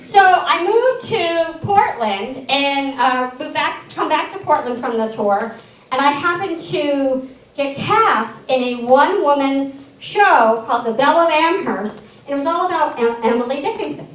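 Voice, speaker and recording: A woman's voice: high voice, unhurried. Brief: middle-aged female stand-up, wry storyteller; distant mic, heavy room echo, faint background hum. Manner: animated, self-deprecating, wry. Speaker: student stand-up comedian. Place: comedy theater stage. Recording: echoey hall from far off.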